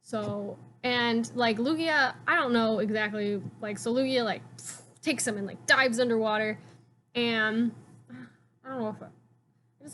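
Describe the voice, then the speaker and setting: A woman's voice: a little high, unhurried, fairly bright tone, a little hiss or hum. A woman vlogger rambling casually, with many "like"s, as she recaps a cartoon. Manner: rambling, heavy use of "like".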